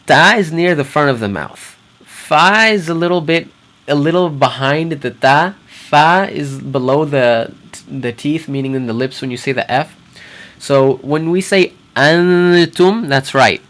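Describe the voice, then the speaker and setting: A man teaching Quran recitation rules, explaining patiently and repeating each example word slowly so learners can hear it. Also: on the high side, a bit bright. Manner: patient, repeats Arabic words slowly for practice. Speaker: tajweed teacher.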